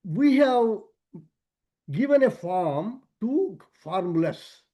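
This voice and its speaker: A man lecturing on scripture as a spiritual teacher. He pauses and restarts as he explains, and he stresses key words by raising his pitch. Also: big pitch swings, mellow.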